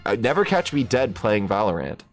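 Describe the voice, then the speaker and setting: A young man casually commenting while streaming a game, jokey and excitable, breaking into shrieks and laughs. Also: on the low side, fairly quick, soft background music. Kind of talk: casual gaming livestream commentary.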